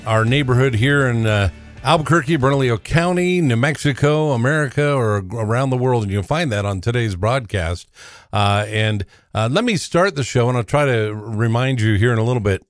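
A man hosting a live talk radio show, speaking in a halting way with many fillers. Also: medium pitch, no room sound. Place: radio studio. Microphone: studio microphone.

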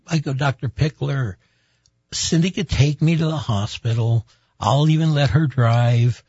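A man's voice: mid-range voice, normal speed, husky, no echo. A middle-aged man, a pastor, telling a personal story in an interview, acting out the voices of the people in it. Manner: lively storyteller who acts out quoted voices. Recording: dull, dry, slightly muffled recording.

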